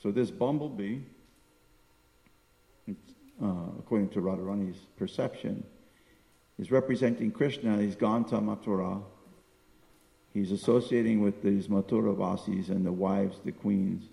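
Older male preacher, low gravelly voice, discursive sermon, reverberant hall. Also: fairly even intonation, a little slow, long pauses, mellow. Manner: discursive, searching for words, reciting Sanskrit verses. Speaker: spiritual teacher. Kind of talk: sermon on scripture.

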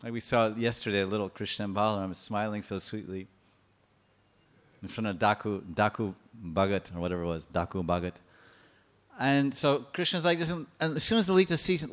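A man giving a sermon, explaining scripture and acting out the stories in a lively manner. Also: lowish voice, fairly quick. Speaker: preacher. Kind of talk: sermon with storytelling.

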